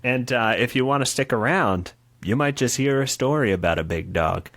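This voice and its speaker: A young man hosting a comedy podcast, his voice swinging lively up and down. He riffs playfully, slipping into mock sales pitches. He laughs easily with his guest. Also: moderate pace. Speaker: podcast host. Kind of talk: casual comedic chat.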